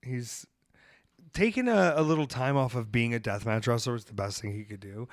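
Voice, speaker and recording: A man hosts a podcast, rambling through stories in an animated, profane way. His voice sits at a middle pitch and is heard close on a podcast mic. The recording is dry. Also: a little fast, no room sound. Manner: rambling, animated storytelling, swearing. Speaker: podcast host. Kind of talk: casual podcast chat.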